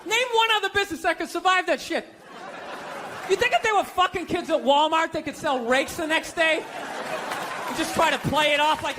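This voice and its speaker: A man doing a stand-up comedy set on a large stage, ranting sarcastically with lots of swearing and punchy, animated delivery. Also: extremely high pitch, normal speed, noisy background. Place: large stage before a live audience. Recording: live show, loud crowd laughter.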